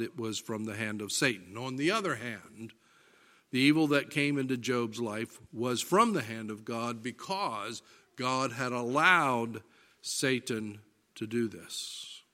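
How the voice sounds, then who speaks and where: Male preacher, unhurried, bright and forceful tone, emphatic sermon delivery. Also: medium pitch. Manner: deliberate and emphatic, reading scripture aloud.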